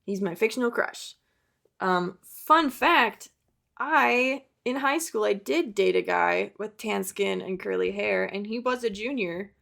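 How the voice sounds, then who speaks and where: A woman's voice: mid-range voice, creaky, a bit bright. A young adult woman, an artist and video creator, talking in a chatty, rambling way with self-mocking asides. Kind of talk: casual chat.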